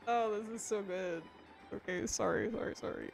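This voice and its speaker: There's faint music behind a gravelly, medium-pitched voice that moves at a measured pace with long pauses. It belongs to a streamer worn down after a long day, chatting casually as he plays, rambling, restarting often and apologizing whenever he stumbles over words.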